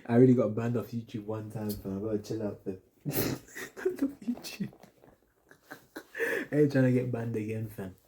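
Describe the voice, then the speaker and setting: A young man rambles through a casual storytime, looping back over the same slangy phrases again and again. His voice sits fairly low, with a soft, mellow tone. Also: fairly even intonation, fast, hardly any pauses. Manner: rambling, slangy, keeps repeating himself. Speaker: vlogger.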